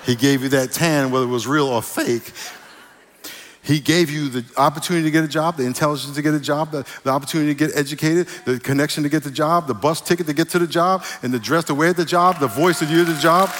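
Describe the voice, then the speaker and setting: Guy pastor preaching, kinda high voice, jokey with the crowd, long echo in a big room. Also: quick pace, fairly bright tone, a little hiss or hum. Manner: playful, jokes with the congregation, call and response. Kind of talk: sermon. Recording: long hall reverb.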